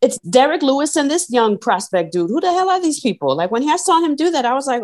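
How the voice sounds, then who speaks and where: A woman co-hosting a casual sports podcast, talking in an animated, profane ranting way with frequent laughs. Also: high-pitched, quick pace, few pauses. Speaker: podcast co-host.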